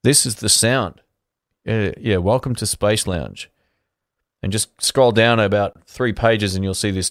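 A laid-back man with a fairly low voice chats on a live stream about guitar gear. He rambles and restarts his sentences in an easygoing way, and the sound is close and dry. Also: a little slow, pauses often, dry recording. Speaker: guitar channel host. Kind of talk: casual livestream chat answering viewers.

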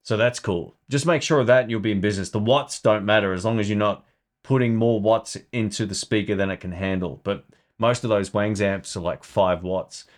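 Laid-back man, lower voice. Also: a little fast. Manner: chatty and relaxed, thinking aloud with fillers. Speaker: live stream host reviewing guitar gear. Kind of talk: casual live stream chat.

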